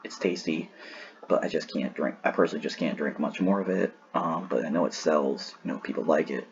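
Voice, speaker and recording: Deep gravelly husky-voiced man. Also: brisk, dull audio, noisy background. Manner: relaxed, rambling, restarts often. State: sleepy, yawning. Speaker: tier list host. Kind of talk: casual solo commentary.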